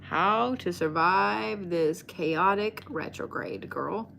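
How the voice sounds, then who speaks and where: A woman's voice: on the low side, slow pace, gravelly, a bit bright, a little hiss or hum. Chatty woman reading cards live. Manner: chatty, addresses viewers by name. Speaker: tarot card reader. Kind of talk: live card reading stream.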